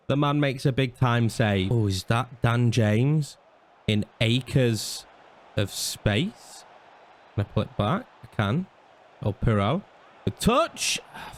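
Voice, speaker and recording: A young man commentating his own football video game career mode, reacting loudly to saves and misses. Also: medium pitch. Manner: excitable, swings between groans and shouts at the play. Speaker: gaming YouTuber.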